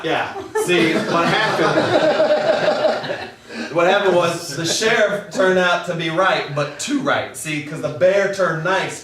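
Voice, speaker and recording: A man's voice: a little high, a bit bright. A man improvising an absurd comic story about a slide show, rambling and often laughing at his own lines. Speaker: comedian. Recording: very echoey room, far from mic.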